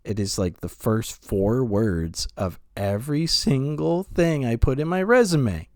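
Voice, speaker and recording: A young man co-hosting a casual podcast, an animated storyteller who laughs often. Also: mid-range voice, measured pace, dry recording, studio quality. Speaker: podcast co-host.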